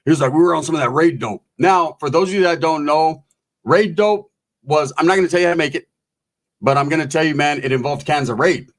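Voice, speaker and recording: A man telling a profane, comedic story in an animated, swaggering way, full of slang. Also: a little high, a little fast.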